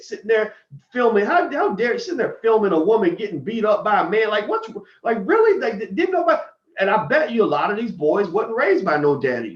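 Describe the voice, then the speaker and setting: A man delivering a fiery, preachy monologue to viewers, swinging from loud outbursts to low asides. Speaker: commentator on a live stream. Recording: roomy, dull lo-fi stream audio.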